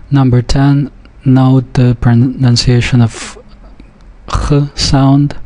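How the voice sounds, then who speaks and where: Male teacher for a pronunciation lesson: unhurried, methodical, warm low-key timbre. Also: level tone. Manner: slow, methodical, repeats each example sentence. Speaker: language teacher.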